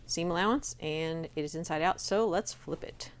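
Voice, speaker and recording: A woman's voice: low-pitched, moderate pace, clear, resonant tone. A middle-aged woman hosting a sewing tutorial, chatty and encouraging as she demonstrates each step at her machine. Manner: chatty and encouraging, talks while working.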